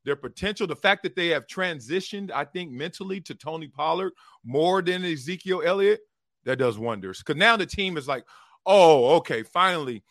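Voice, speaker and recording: Animated former football player, bright voice. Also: male voice, on the high side, moderate pace, dry recording, studio quality. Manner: animated, slangy, acts out quotes with shifting voices. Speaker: former pro football player turned sports broadcaster. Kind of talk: casual interview storytelling.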